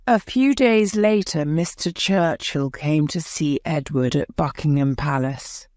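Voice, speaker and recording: A woman narrating a graded-reader story for English learners, reading slowly and carefully. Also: sits low, darkish tone, no echo, clean studio sound. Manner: slow, careful, clear reading. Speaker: audiobook narrator.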